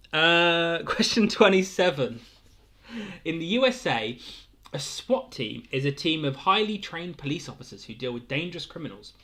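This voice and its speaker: A man's voice: fairly high pitch, fairly bright tone. A young man casually hosting a weekly livestream quiz, rambling between questions and chuckling often. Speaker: quiz host.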